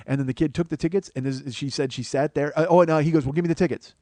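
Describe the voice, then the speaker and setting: A man's voice: a little high, steady tone, quick pace, warm tone, no room sound. A man, a comedian hosting his own show, telling a long story and acting out the other people's voices. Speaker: comedian host. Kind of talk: storytelling monologue.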